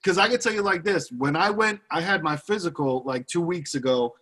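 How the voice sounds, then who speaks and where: Husky young man chiming in casually. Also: on the high side, fairly quick, fairly bright tone. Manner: agreeable, chimes in, slangy. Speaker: podcast cohost. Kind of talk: casual podcast chat.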